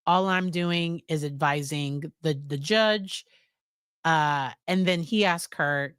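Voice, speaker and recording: A woman's voice: lowish voice, slow, a bit bright, clean tone, dry recording, studio quality. An American woman psychologist casually recapping a series, chatty, with fillers and quoted lines. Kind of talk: casual spoken review.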